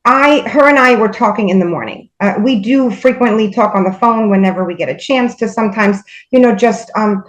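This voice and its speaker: A woman guest recounting spiritual experiences in casual conversation, hesitant with many fillers and pauses. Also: medium pitch, rough recording.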